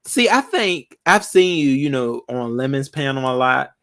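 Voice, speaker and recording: A man's voice: medium pitch, very animated, normal speed, a bit bright. A man hosting a casual live chat with callers, laid-back and rambling, with lots of fillers. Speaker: livestream host.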